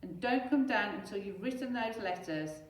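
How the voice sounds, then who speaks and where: A woman voicing a strict, exasperated mother who shouts and nags. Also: medium pitch, animated, normal speed, distant mic, natural voice. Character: nagging exasperated mum, loud and strict. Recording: echoey room, away from mic.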